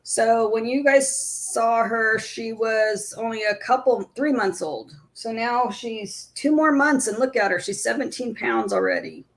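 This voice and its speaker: A woman's voice: on the high side, very animated, measured pace, few pauses. A woman hosting a casual live stream, chatting with viewers and cooing at her puppy.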